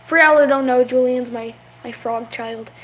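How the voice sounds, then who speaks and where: A woman's voice: high voice, steady tone, normal speed, a bit bright. A young woman chatting casually in a vlog, rambling about her pets and stopping to coo at them. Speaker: vlogger.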